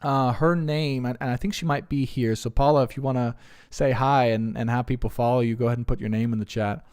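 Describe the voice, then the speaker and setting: A young man on a live stream answering viewers' questions as a spiritual reader, earnest and rambling, getting animated when he retells stories. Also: mid-range voice, fairly quick, smooth. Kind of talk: casual live stream chat.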